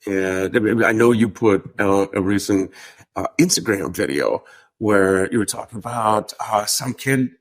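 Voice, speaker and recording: A man hosting a podcast, asking questions in a hesitant, halting way. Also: lowish voice. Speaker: podcast host. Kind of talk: interview questions.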